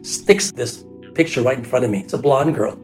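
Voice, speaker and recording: An older man, telling a personal story in a loose, animated way and slipping into other people's voices. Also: mid-range voice, normal speed, soft background music. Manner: animated, jumps into quoted voices, loose run-on phrasing. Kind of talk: casual storytelling.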